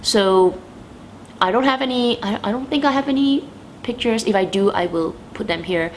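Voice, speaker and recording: A woman's voice: on the high side, normal speed, slight background noise. A young adult woman talking candidly to camera in a vlog, with many restarts as she quotes her own inner voices. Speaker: vlogger answering viewer questions. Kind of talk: candid personal talk to camera.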